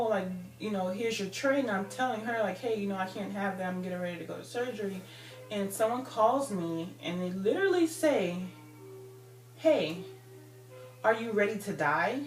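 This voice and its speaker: A woman's voice: medium pitch, distant mic. A woman in her thirties recounts a personal story in a loose, rambling way, leaning on fillers. She sits a little back from the mic in a roomy, echoey space. Faint music plays underneath. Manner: rambling, many "like" and "you know" fillers. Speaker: vlogger. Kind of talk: casual storytime.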